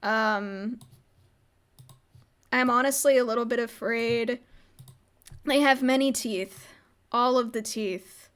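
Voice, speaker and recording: A woman's voice: fairly high pitch, takes it slowly, long pauses, a bit bright. Giggly young woman streamer. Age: young adult. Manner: rambling, giggly, lots of filler "like". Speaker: streamer recapping a roleplay server. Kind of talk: casual livestream chat.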